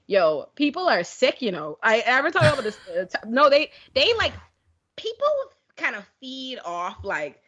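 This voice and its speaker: A young woman, telling stories in a casual podcast chat, animated and laughing, heavy on slang. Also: a little high, moderate pace, lo-fi sound. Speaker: podcast guest.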